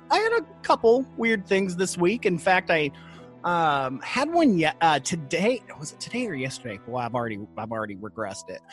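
A man hosting a paranormal podcast in casual chat, animated and laughing often. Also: on the high side. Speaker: podcast host.

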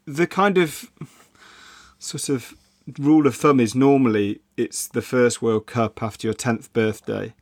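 Measured man in his thirties. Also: mid-range voice, steady tone, a little mellow, no room sound, clean studio sound. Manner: explanatory, measured. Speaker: football pundit on a podcast. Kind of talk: casual football chat.

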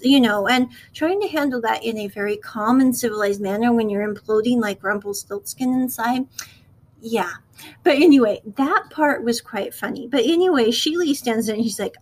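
Casual woman reviewer, slightly higher voice, rambling, acts out quotes. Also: moderate pace, low-quality recording. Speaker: show reviewer. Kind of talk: casual recap and commentary.

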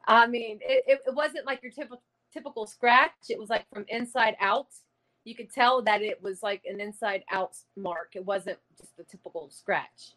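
A woman telling a ghost encounter in an interview, halting and repeating words, laughing between lines. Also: fairly high pitch, a bit bright. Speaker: paranormal investigator guest. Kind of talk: casual storytelling interview.

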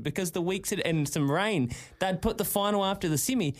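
A man's voice: high-pitched, fairly quick. A man telling a story on a breakfast radio show, acting out quotes with a jumping voice. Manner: animated storytelling, acts out quotes in a raised voice. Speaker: radio host. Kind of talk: casual breakfast radio banter.

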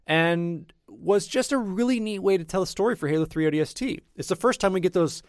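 A man co-hosting a casual podcast, chatty and quick to add his own commentary. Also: high-pitched, no echo, studio quality. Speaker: podcast co-host. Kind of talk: casual chat.

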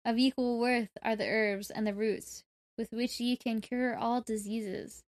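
A wise giant frog speaks in slow, solemn, archaic words from a storybook, as a woman reads it aloud. The delivery stays measured and formal. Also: a little high, steady tone, natural voice.

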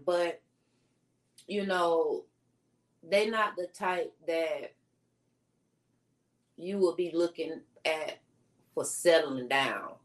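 Slow, slangy woman co-hosting. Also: low voice. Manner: laid-back, slangy, drawn-out delivery. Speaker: co-host. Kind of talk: casual live-stream chat.

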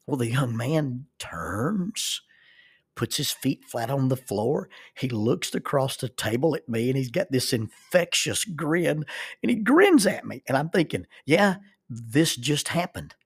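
Man, gravelly voice, husky, animated storyteller, mid pitch. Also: unhurried. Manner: animated, acts out the people in his story. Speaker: speaker telling a life lesson. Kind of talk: spoken storytelling.

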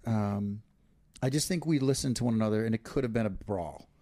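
A man's voice: lowish voice, brisk, dark tone, no echo. A man co-hosting a casual couple's podcast, talking earnestly and reflectively, often restarting his sentences. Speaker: podcast co-host.

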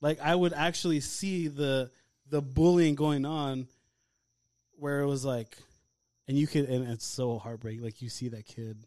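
A young man co-hosting a podcast, telling stories in animated, profane casual chat. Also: medium pitch, measured pace, no room sound. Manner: animated storytelling, heavy swearing. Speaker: podcast co-host.

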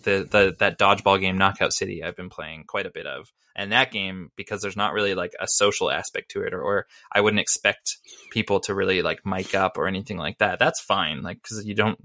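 Bright, chatty man rambling about games. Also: low-pitched, fairly even intonation, fairly quick, no echo, studio quality. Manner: rambling, lots of fillers and laughs. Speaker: podcast co-host. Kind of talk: casual chat about video games.

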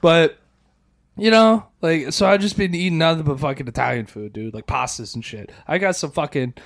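Young male co-host, slightly higher voice, swears freely, animated casual storyteller. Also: normal speed, vocal fry. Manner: loose, profane, animated storytelling. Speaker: podcast co-host. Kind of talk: casual chat.

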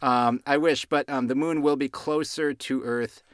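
A man hosting a casual astrology podcast, chatting in an unhurried way and laughing at his own jokes, on a close mic. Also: mid-range voice, fairly even intonation, no room sound. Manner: giggly, self-amused, unhurried. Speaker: podcast host.

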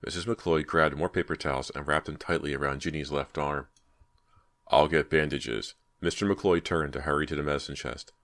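A man reading a horror audiobook in a steady, measured way. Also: a bass voice. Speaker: audiobook narrator. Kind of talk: scripted horror narration.

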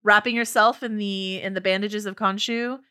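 A woman hosting a casual podcast panel, playful and quick to pass questions to her co-hosts. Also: medium pitch, steady tone, pushed and bright, smooth. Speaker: podcast host.

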